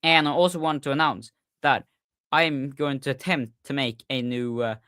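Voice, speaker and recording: Excitable young man, smooth dry voice. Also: mid-range voice, normal speed, no room sound. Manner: excitable, stumbling, repeats "insane". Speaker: podcast host. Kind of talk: casual livestream recap.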